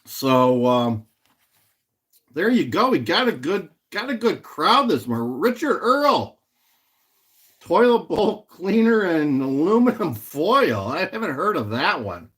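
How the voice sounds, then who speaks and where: Slow-talking, animated man on a livestream. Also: a little high. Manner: rambling, repeats himself, reads and answers viewer chat. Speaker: livestream host. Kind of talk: casual livestream chat. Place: home in Illinois.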